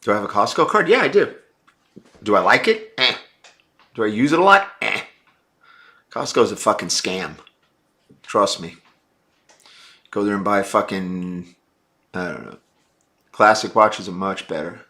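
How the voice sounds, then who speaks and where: A man's voice: lowish voice, animated, measured pace, pauses often, pushed and bright. A man hosting a casual live stream, answering viewer chat in a blunt, brash and profane way.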